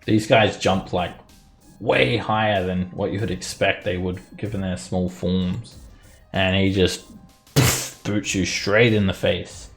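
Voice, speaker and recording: Gravelly low-voiced man running a game. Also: slow pace, faint music behind. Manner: relaxed, with many fillers. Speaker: game master. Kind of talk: narrating a tabletop game.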